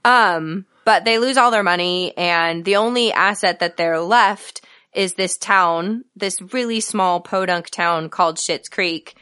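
Bright, clear-voiced woman, hesitant. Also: on the low side, a little slow. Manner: hesitant, with frequent ums. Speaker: podcast co-host. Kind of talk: casual chat.

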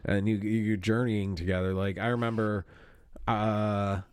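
A man's voice: fairly low pitch, level tone, measured pace, clean tone, dry recording. A man co-hosting a casual chat show, telling travel stories with a lot of swearing and jokes. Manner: profane, joking storyteller. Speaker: podcast co-host.

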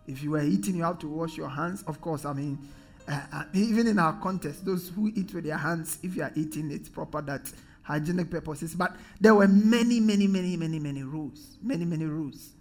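A man preaching a sermon in church, leading the congregation in call-and-response and often rising to shouts. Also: a little high, a little fast.

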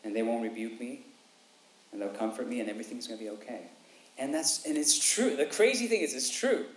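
Male preacher, 30s to 40s, mid pitch, animated and repetitive, echoey room. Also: brisk. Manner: animated, repeats phrases for emphasis, acts out quotes. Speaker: pastor. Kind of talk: sermon. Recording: echoey room, faint ambience.

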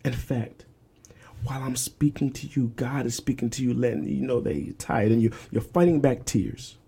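This young man hosts a podcast in a preaching style, stressing his words, repeating phrases, and slipping into whispers. He talks at normal speed in a mid-range voice that's creaky, mellow, and a bit rough.

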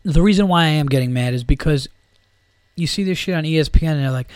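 A man's voice: fairly high pitch, brisk, a little mellow, no echo. A man hosting a podcast, ranting about football in a heated, profane, rambling way. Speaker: podcast host. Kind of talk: casual sports rant.

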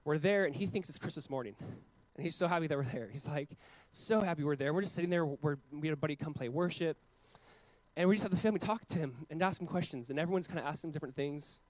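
Earnest pastor preaching, swinging loud to soft. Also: male voice, on the high side, no echo, rough recording. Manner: earnest, rising to loud emphatic peaks and dropping to quiet, slow lines. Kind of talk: sermon.

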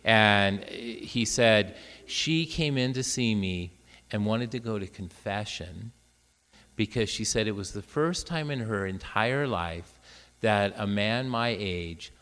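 A man's voice: on the low side, slow pace, in a large hall. A man in his late fifties, a priest, telling a personal story in a homily and acting out the voices of the people in it. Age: 50s. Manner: lively storyteller acting out both sides of dialogue.

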